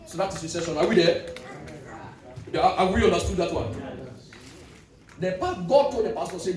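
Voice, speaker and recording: A man, preaching a sermon with call-and-response and sudden shouts. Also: sits high, normal speed, pauses often. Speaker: pastor. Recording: echoey hall, distant mic, music behind.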